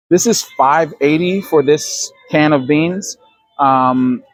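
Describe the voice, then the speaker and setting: A man's voice: fairly high pitch, no echo. A man vlogging as he walks through a supermarket, chatting and explaining prices to his viewers. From United States. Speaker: travel vlogger. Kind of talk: casual grocery-store walkthrough. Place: supermarket, indoors.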